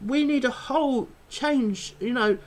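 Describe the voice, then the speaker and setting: A man's voice: very high-pitched, unhurried. A young man, a football fan vlogger, angrily ranting after a match and swearing bluntly. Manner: angry, swears a lot, blunt. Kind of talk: post-match fan rant.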